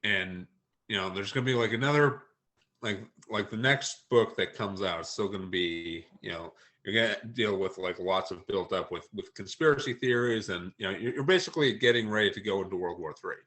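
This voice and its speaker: A man, an author being interviewed on a podcast, speaking hesitantly with many pauses and ums. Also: lowish voice, a bit bright. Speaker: author guest. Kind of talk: casual interview chat.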